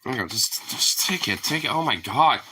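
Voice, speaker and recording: Man, casual vlog, teasing his dog, lots of swearing, bright forceful voice, lively pitch. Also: fairly quick, husky. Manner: playful, profane, teasing. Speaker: dog owner.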